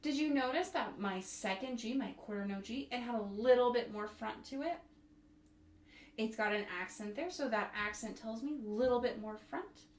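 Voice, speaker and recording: A woman teaching bassoon in a music tutorial, counting and singing out rhythms as she explains. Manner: counts and sings rhythms aloud. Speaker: bassoon instructor. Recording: echoey room, faint noise.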